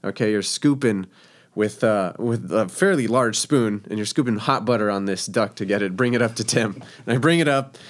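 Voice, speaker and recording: A man's voice: lowish voice, moderate pace. A man, a professional chef from Texas, telling stories in a casual interview, chatty and laughing, with many fillers.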